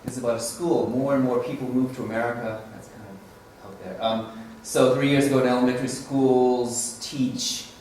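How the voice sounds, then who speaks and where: A man's voice: medium pitch, fairly even intonation, moderate pace, few pauses, a little mellow. A man presenting at a teaching conference in a casual, rambling way, often correcting himself. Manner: rambling, self-correcting, chuckling. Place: conference room. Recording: roomy, distant mic with faint hiss.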